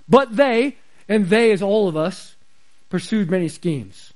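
A man's voice: high voice, animated, measured pace, darkish tone. A man preaching a sermon, talking conversationally and reading scripture with emphasis. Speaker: pastor.

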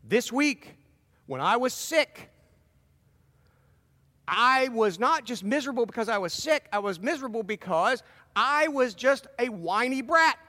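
A middle-aged man preaching a sermon, earnest and animated, with self-deprecating asides. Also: extremely high pitch, measured pace, long pauses. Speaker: pastor. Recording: long hall reverb.

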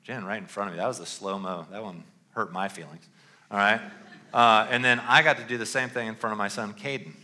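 A man's voice: fairly low pitch, steady tone, a little fast, bright, forceful tone. A middle-aged male pastor giving a sermon in a loose, conversational way, often checking in with "all right?".

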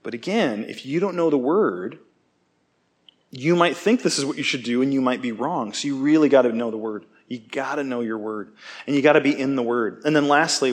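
A man giving a conversational sermon, relaxed and self-deprecating, often checking in with his listeners. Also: mid-range voice. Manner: casual, self-deprecating, asks "okay?" often. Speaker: preacher.

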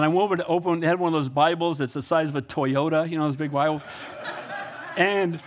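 A man's voice: fairly high pitch, steady tone, a little fast, slight background noise. A male pastor preaching an emphatic sermon, telling stories and calling out to the congregation for amens. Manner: emphatic, calls for amens, storytelling.

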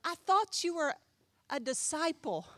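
A middle-aged woman pastor preaches in a high, dry, close-miked voice. She fires rhetorical questions and swings from loud emphasis to hushed asides. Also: very animated, a little slow, no echo. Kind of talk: sermon.

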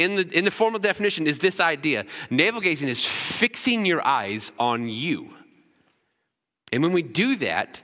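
A man's voice: fairly high pitch, pushed and bright. A middle-aged man preaching a sermon as pastor, casual and conversational, with frequent fillers and restarts. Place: church sanctuary. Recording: long hall reverb.

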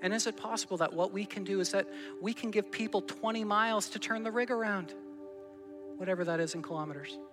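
A man's voice: sits high, quick pace, big-room sound, music in the background. A man preaching a sermon to his congregation, earnest and full of questions put to the room. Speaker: pastor. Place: church hall.

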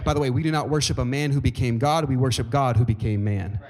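A man's voice: mid-range voice, quick pace, a little mellow. A man preaching a sermon as pastor, speaking emphatically and often asking the congregation questions. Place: church sanctuary. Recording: long reverb of a church hall.

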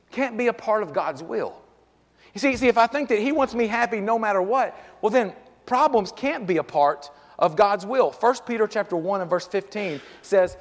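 A middle-aged man delivers a sermon in a high, conversational voice. He repeats words as he restarts his thoughts. Long reverb from the church hall trails behind him. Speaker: pastor. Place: church sanctuary.

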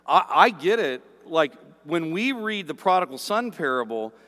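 High-voiced pastor guy preaching, swings all over in pitch, long echo of a big hall. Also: moderate pace. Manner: animated, acts out grumbling workers in asides. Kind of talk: sermon.

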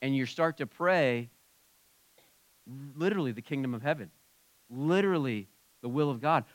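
Man preaching a casual, animated sermon. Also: mid-range voice, normal speed, dry recording. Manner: conversational preaching with shifts in loudness. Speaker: pastor. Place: church sanctuary.

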